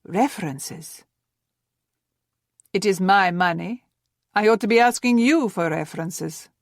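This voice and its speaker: A woman's voice: medium pitch, measured pace, no room sound, studio quality, close to an everyday voice. A woman narrator voicing a proud, formal Russian man who works as an exiled naval cryptographer.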